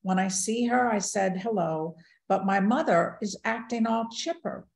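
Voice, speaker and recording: A woman's voice: mid-range voice, a little slow, creaky. Older woman, mid-range voice, storytelling speaker, echoey room. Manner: earnest, quotes dialogue in a lively retelling. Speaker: guest speaker. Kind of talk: personal storytelling talk.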